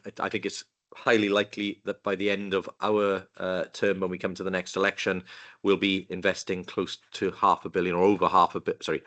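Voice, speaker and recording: A man leading a council meeting, speaking formally in a halting way with frequent pauses, in a council meeting room. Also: low-pitched, fairly bright tone. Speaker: council leader.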